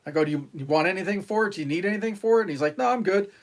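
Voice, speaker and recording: Very fast, a middle-aged New Yorker who retired from the Marines talks as a podcast guest, his voice a little high for a man. He rambles through long stories heavy with fillers and restarts and performs the lines of the people in them, in casual interview storytelling.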